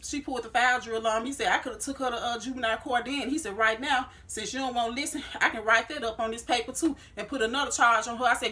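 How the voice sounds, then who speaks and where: Fast-talking bright woman in her thirties. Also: fairly high pitch, fairly even intonation. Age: 30s. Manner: heated, reenacts her own arguments with lots of "I said". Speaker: vlogger. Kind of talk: storytime vlog.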